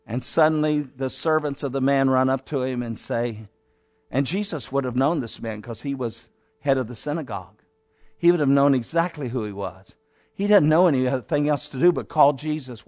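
A man preaching a sermon, retelling a story dramatically and swinging from hushed to loud. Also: a little high.

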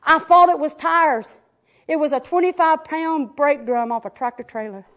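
A woman preaching a Pentecostal sermon in church, swinging from hollering to a hushed near-whisper. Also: sits high, normal speed. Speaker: pastor. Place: church sanctuary.

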